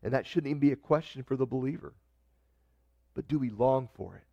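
A man's voice: medium pitch, a little fast, vocal fry, no room sound, lo-fi sound. A man preaching a sermon in a conversational way, reading scripture and often restarting his sentences. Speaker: pastor.

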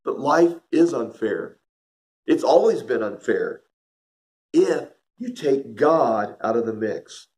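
A middle-aged man talks through a reflective devotional message in an earnest, storytelling manner. His voice sits at an ordinary male pitch as he addresses his listeners directly. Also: animated, slow, a little mellow. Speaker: devotional speaker.

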